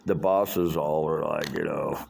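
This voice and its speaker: A man's voice: a bass voice, fairly even intonation, unhurried, gravelly, a little mellow, slight background noise. A middle-aged man ranting casually and profanely about his restaurant job, rambling with many fillers. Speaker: vlogger. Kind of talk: casual rant monologue.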